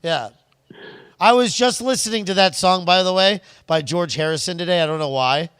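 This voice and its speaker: A man with a slightly high, smooth voice chatting on a podcast, quick to react and jump in. The sound is dry and close. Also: fairly bright tone, dry recording. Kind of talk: casual podcast chat.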